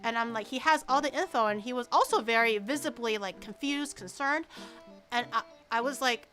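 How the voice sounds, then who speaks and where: A woman's voice: on the high side, brisk, pushed and bright, faint music behind. A woman streamer telling a story in casual chat, rambling and stammering, with some swearing.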